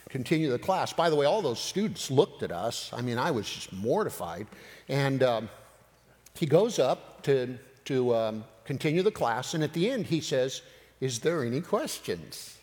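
A man preaching, telling a personal story with animated retelling of dialogue. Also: medium pitch. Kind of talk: sermon storytelling. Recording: long hall reverb.

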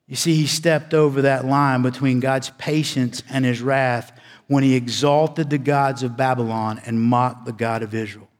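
A male pastor delivering a sermon, with dramatic pauses, swinging from loud emphasis to hushed, low delivery. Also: fairly even intonation, in a large hall.

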